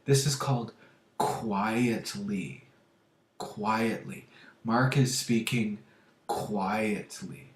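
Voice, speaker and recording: Teaching grammar to English learners, a fairly low-voiced man talks slowly and carefully, checking in with frequent "okay?"s, in an echoey room.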